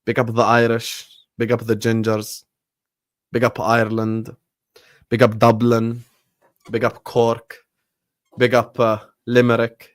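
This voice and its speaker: A man's voice: medium pitch, monotone, a little slow, long pauses, dry recording, clean studio sound. A young man hosting a livestream, chatting in a rambling, slangy way and dropping in short Arabic phrases. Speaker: livestream host. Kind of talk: casual livestream chat.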